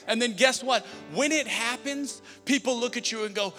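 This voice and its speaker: Bright, high-voiced pastor in a hall. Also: male voice, normal speed, hardly any pauses, faint music behind. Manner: conversational, emphatic, quoting prayers aloud. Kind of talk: sermon. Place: church hall.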